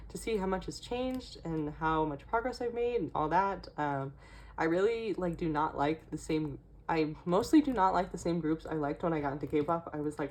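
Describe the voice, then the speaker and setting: A woman's voice: sits low, a little mellow. A young woman casually walking through her photocard collection, chatty, with many fillers and small laughs. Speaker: K-pop collecting vlogger.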